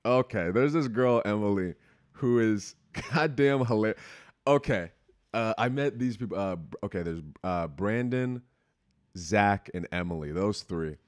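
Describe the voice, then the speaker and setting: A man's voice: on the low side, expressive, a little slow, dry recording. A young man hosting a podcast, chatting candidly and rambling with casual swearing into a close mic. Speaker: podcast host. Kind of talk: casual chat.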